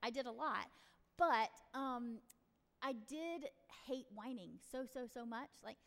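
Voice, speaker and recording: Middle-aged lady chatting parenting tips, kinda high voice, room with a long echo. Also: slow pace. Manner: chatty, direct, acts out parent and child lines. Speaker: parenting podcast host. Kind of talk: casual advice talk.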